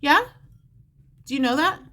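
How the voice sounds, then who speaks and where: This psychic reader has a high-pitched, pushed, bright voice and takes her time. On a live stream she speaks directly to the viewer in a chatty, repetitive manner, picked up by a phone or close mic.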